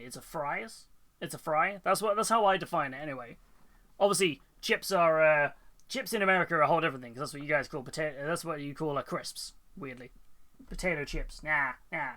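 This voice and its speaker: A British man talking casually to his live-stream audience. His voice is bright and sits a little high. He rambles cheerfully and laughs often. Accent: British English. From United Kingdom. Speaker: Twitch streamer painting miniatures.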